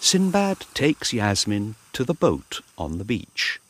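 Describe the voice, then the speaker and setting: Slow, deep-voiced storybook narrator man. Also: big pitch swings, a bit bright. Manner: slow and clearly paced for learners. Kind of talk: storybook reading.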